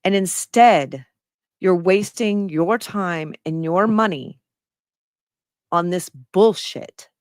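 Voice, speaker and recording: A woman's voice: lowish voice, takes it slowly, a little mellow, no echo, clean studio sound. A middle-aged woman giving casual commentary on a news article she reads aloud, blunt and sarcastic and swearing freely.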